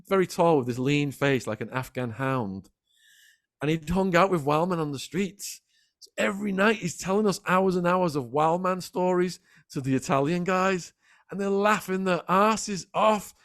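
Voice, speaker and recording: A middle-aged man, a podcast guest telling animated stories in a casual interview. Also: on the high side, dry recording, studio quality. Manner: animated, quick anecdotal storytelling. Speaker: podcast guest, former prisoner.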